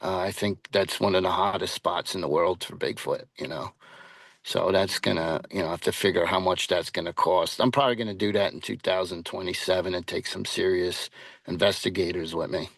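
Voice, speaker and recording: A man's voice: low voice, steady tone, a little fast, gravelly, a bit bright, no room sound. A man being interviewed as a paranormal investigator, chatting casually and rambling, with lots of fillers and restarts.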